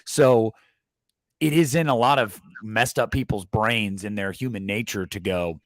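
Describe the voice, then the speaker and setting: Casual co-host, male, lower voice, dry close sound, sarcastic and animated. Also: measured pace, no room sound. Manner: animated, sarcastic, reads chat comments aloud. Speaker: podcast co-host. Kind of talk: casual livestream chat.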